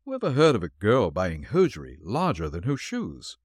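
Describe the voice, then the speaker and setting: A man reading the part of a calm, shrewd male detective who explains his clues dryly. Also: on the low side, breathy edge, no room sound, exaggerated voice. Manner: dry, explanatory, deliberate.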